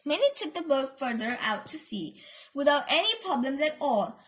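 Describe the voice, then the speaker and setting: A woman reading a children's storybook aloud, expressive, with asides about the pictures. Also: high voice, moderate pace.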